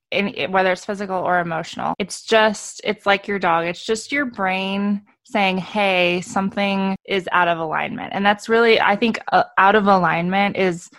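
Podcast co-host, woman, lowish voice, calm explainer, dry close sound. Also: no echo. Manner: explanatory, calm, laughs easily. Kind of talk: casual podcast chat about coaching.

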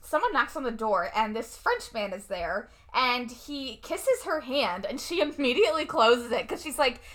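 A woman's voice: a little high, normal speed. A woman co-hosting a podcast, animatedly recapping a movie plot in casual chat and swearing freely. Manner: animated storytelling, acts out characters' lines, swears freely. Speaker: podcast co-host.

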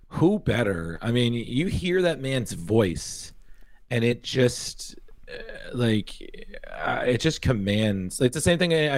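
Casting: man, mid pitch, eager rambling podcast co-host, dry sound. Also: dry recording. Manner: enthusiastic, trailing restarts. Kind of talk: casual podcast chat about comics.

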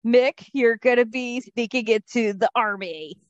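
A woman co-hosting a casual podcast, talking in an animated, emphatic way. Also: fairly high pitch, a little slow, dry recording, dull audio. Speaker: podcast co-host.

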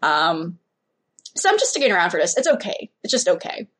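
A woman's voice: fairly low pitch, huge pitch swings, a little fast, a bit bright, slightly rough. A woman chatting casually on a podcast, giving rambling opinions with lots of fillers. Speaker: podcast co-host. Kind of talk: casual chat.

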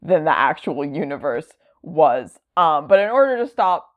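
A woman's voice: deep voice, big pitch swings, moderate pace, dry recording, phone-quality sound. A woman chatting casually, rambling with lots of fillers and wry asides. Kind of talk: casual chat.

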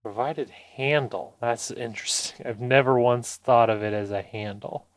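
A man's voice: medium pitch, a little slow, no echo. A man co-hosting a casual podcast chat, prone to giggles and crude jokes, often restarting his sentences. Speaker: podcast co-host.

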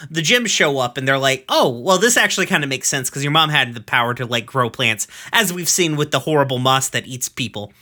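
A man casually recapping a cartoon episode on a podcast, loose and profane, with lots of fillers and quick asides. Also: mid-range voice, animated, sharp tone.

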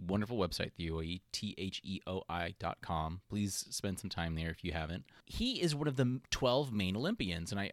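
A man co-hosting a podcast, chatting casually and rambling with quick silly impressions. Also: on the low side, dry recording, studio quality. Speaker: podcast co-host. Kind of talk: casual chat about mythology.

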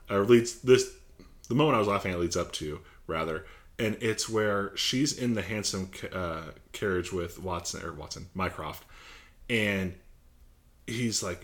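A man co-hosting a podcast, chatting casually and laughing as he retells movie scenes with animated bursts. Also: lowish voice, normal speed. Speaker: podcast co-host. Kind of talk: casual chat.

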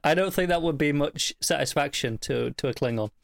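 A man's voice: on the high side, brisk, gravelly, no room sound. A man co-hosting a casual chat about a TV episode, making dry joking asides, often stammering on restarts. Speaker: podcast co-host.

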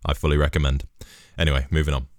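A man's voice: extremely low pitch, level tone, fast talker, dry recording, clean studio sound. A man delivering a rambling, sweary, sardonic comedic monologue in a casual style.

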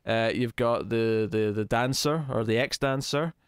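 A man co-hosting a podcast, chatting in an animated, jokey, rambling way about a TV episode. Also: mid-range voice, a little slow, clear, resonant tone, no echo, studio quality. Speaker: podcast co-host. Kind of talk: casual chat reviewing a TV episode.

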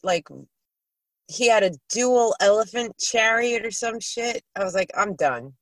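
A woman's voice: on the high side, steady tone, a little slow, dry recording, poor audio. A woman co-hosting a casual podcast chat, speaking bluntly and swearing freely. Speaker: podcast co-host.

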